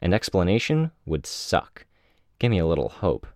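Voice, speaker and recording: A brash, wisecracking young hero, as a man reads him, a bit higher than the reader's own deep voice. He talks wryly and a little crudely, close to the mic in a dry space. It plays as a character line in a storybook reading. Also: big pitch swings, moderate pace, a little mellow, no echo. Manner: wry, mocking. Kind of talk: audiobook character voice.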